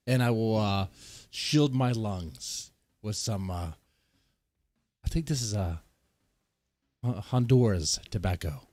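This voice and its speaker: A vlogger hosts his own casual ranting storytime from his home garage studio, rambling and joking with a stuffed-up nose while he coughs, sighs and runs short of breath. His fairly low, slightly mellow voice moves slowly with frequent pauses, and there's no room sound.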